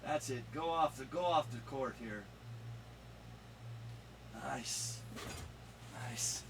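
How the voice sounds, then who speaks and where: Man, slightly hoarse, rambling casual host, mid-pitched voice, faint background noise. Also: slow pace. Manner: rambling and chatty, jokes with his son off camera. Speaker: comic collector and channel host. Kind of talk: casual video countdown of comic finds.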